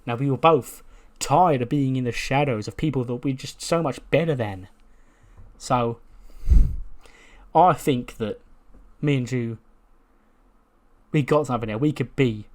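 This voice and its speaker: A man's voice: medium pitch, natural voice. A man voicing a boastful, brash male wrestling talk-show host who calls people lad and stumbles over his words.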